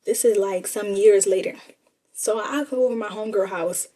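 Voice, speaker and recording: A woman's voice: mid-range voice, normal speed, dark tone. A young woman telling a casual, sassy story and talking straight to her listeners as y'all. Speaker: storyteller vlogger.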